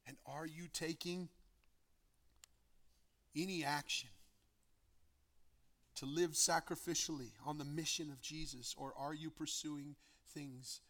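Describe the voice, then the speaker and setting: A pastor preaching a sermon into communion, emphatic and full of rhetorical questions and repeated phrases. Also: male voice, on the high side, fairly even intonation, slow, long pauses, sharp tone.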